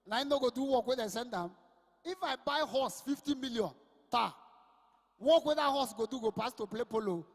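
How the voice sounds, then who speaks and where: A young Nigerian man with a Port Harcourt Pidgin accent works the crowd as a live comedian and MC. His voice sits high and carries a long reverb tail from the PA system. He tells loud, punchy stories that slide between English and Pidgin. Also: moderate pace. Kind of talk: live stand-up at an event. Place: outdoor sports event over a PA.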